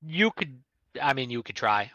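A man's voice: medium pitch, sing-song, normal speed, pushed and bright, no room sound, highs cut off. A man narrating a tabletop game as game master, rambling with lots of fillers. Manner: rambling, full of uhs and likes.

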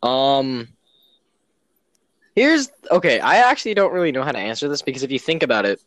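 A man's voice: medium pitch, big pitch swings, brisk, fairly bright tone, no echo. A young man in casual chat, rambling and easily sidetracked as he explains things.

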